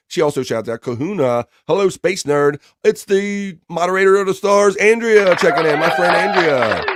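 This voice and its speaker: A man's voice: mid-range voice, no echo, studio quality. A man hosting a live stream, chatting casually and reading out viewer comments with upbeat greetings by name.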